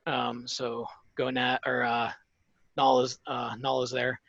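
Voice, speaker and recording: Guy running a tabletop game, lots of ums, bright tense voice, dry dull mic. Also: mid-range voice, completely flat delivery, creaky, no room sound. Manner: halting, many fillers. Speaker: game master.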